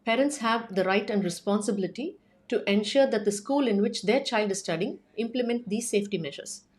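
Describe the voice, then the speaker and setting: A woman's voice: medium pitch, fairly quick. Earnest woman. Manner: urgent, persuasive, posing questions. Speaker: child safety advocate speaking to parents. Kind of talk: earnest talk, rhetorical questions.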